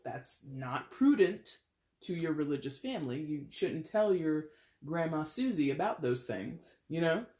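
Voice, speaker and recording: A tarot reader talks through a reading in a loose, chatty way, playing things up for effect. The voice sits in a middle pitch, and the room leaves a clear echo on every word. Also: sing-song, unhurried, warm tone. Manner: chatty and playful, with dramatic exaggeration. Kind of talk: casual tarot reading monologue. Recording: roomy echo.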